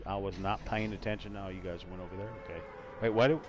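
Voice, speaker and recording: A man's voice: low-pitched, steady tone, quick pace, lo-fi sound, noisy background. A man hosting a casual gaming talk stream, chatting loosely and swearing while he plays and tells stories. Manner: casual, swears, tries silly accents. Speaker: podcast host and gamer. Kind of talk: casual chat while playing.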